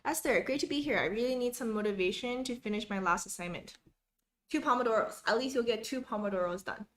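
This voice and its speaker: Young woman, study-stream host, upbeat casual chat, reads comments, greets viewers, fairly high voice. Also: fast, fairly bright tone.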